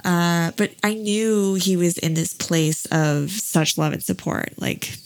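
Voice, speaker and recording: Woman, thirties, low voice, gravelly, casual storytelling, chatty. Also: takes it slowly. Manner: chatty storytelling, many fillers. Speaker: parent. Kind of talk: casual chat.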